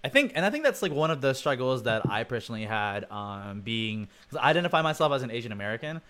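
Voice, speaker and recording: A man's voice: medium pitch, big pitch swings, quick pace, a bit bright. A man from Indonesia hosting a casual group chat over an online call, laughing often and talking with many fillers. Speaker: host.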